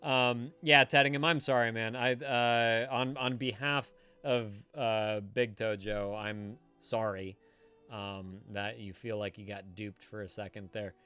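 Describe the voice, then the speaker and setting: A man hosting a live stream, chatting casually in a rambling way with halting restarts and frequent laughs. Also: on the low side, steady tone, sharp tone, smooth, faint music behind. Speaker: streamer host.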